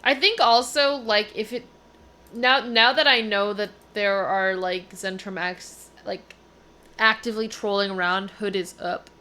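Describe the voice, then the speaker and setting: A woman's voice: medium pitch, steady tone, a little slow, sharp tone. A woman playing a tabletop role-playing game, chatting casually about her character's actions. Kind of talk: casual chat.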